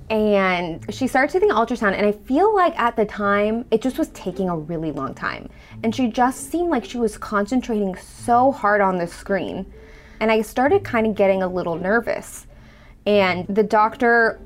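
A woman telling her own story in a conversational way, acting out the dialogue she quotes. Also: mid-range voice. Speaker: storyteller guest. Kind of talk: personal storytelling.

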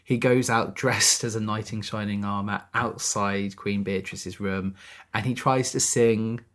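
A man's voice: on the low side, fairly even intonation, measured pace, fairly bright tone. Chatty man recapping a musical. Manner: chatty, full of fillers like "you know" and "like". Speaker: podcast co-host. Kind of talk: casual chat recapping a musical.

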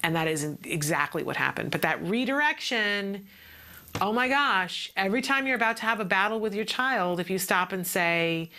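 A woman's voice: medium pitch, normal speed, sharp tone, slight background noise. A woman giving casual advice to other parents, telling a story expressively and acting out the people in it. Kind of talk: casual teaching talk.

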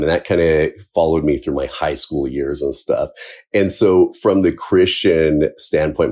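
A man's voice: extremely low pitch, a little mellow. A man from Southern California, a firefighter, telling his own life story in a casual, candid way and chuckling between points. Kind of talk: personal storytelling.

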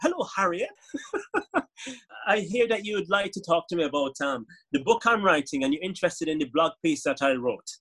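A man's voice: fairly high pitch, very animated, normal speed, a bit bright, husky, heavily acted, rough recording. A man putting on a Caribbean accent to play an overly polite, sweet-talking persona of himself. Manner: sweet-talking, formal, hesitant.

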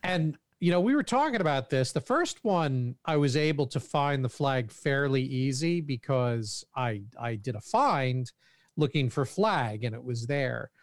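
A man's voice: medium pitch, animated, a little slow, no echo. Joking man on a dry mic. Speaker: podcast co-host. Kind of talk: casual tech chat.

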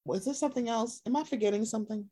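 A woman's voice: on the high side, very fast, dark tone, slightly rough. A woman co-hosting a casual gossip podcast, talking animatedly and slipping into playacted quotes. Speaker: podcast co-host.

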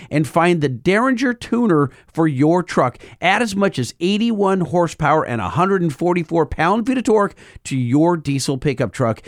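A man co-hosting a truck podcast, joking with his co-host and reading ads in a lively, chatty way. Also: fairly high pitch, dry recording, studio quality. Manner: lively, jokey, reads specs off a chart. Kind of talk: casual podcast chat and live ad reads.

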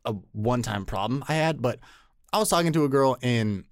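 A man's voice: medium pitch, animated, a little fast, no echo, studio quality. A young man in casual podcast chat, laid-back and joking, now and then slipping into silly voices. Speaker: podcast co-host.

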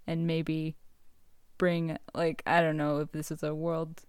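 A woman with a fairly low voice chats casually as a podcast co-host. She muses with some hesitation and drops dry quips. The recording is dry and close-miked. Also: completely flat delivery, takes it slowly, a little mellow, clear, resonant tone, no echo. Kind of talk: casual chat.

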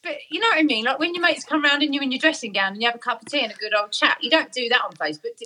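A woman's voice: high-pitched, very fast, hardly any pauses, pushed and bright, slight background noise. A middle-aged woman in a casual chat, telling a story with lots of laughter and acted-out voices. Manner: chatty storyteller, laughing often, acts out voices.

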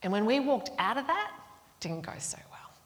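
A woman preaching a sermon, telling stories with animated delivery that drops into whispers. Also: a little high, moderate pace. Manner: animated storytelling, breaks into whispers and laughs. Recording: long hall reverb.

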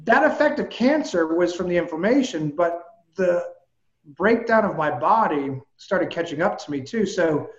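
Man, high voice, animated storyteller, casual and blunt, roomy dull recording. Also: normal speed. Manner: animated, vivid storyteller who swears casually. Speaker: guest, personal trainer. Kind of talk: casual storytelling in a podcast chat.

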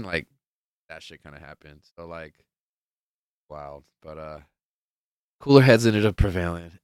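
Young male podcast host, very low and smooth voice, loose and profane, rambling storyteller. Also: no echo, clean studio sound. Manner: rambling and profane, heavy on filler words; loose storyteller who plays out the people in his stories. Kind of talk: casual chat.

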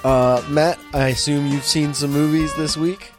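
A man hosting a casual film podcast, chatting in an upbeat, jokey way with quick asides. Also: a little high, fairly even intonation, music in the background. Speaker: podcast host.

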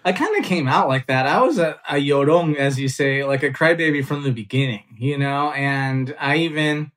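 Animated storytelling man, laughing easily. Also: a little high, moderate pace. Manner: animated, self-mocking, laughs often, loose with fillers. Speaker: comedian guest. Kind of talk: storytelling in a podcast interview.

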